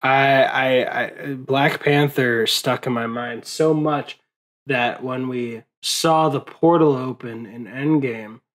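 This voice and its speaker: Slow, weary man rambling through grief. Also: medium pitch, a bit bright, low-quality recording. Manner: profane, grieving, rambling with many fillers. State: tired, late at night. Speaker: movie vlogger. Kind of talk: casual rambling monologue.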